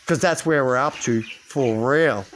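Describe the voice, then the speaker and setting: A man's voice: mid-range voice, a little slow, fairly bright tone, slight background noise. A man delivering a rambling monologue to his channel, constantly tagging his points with a rhetorical "right?". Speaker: channel host. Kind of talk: ranting monologue to camera.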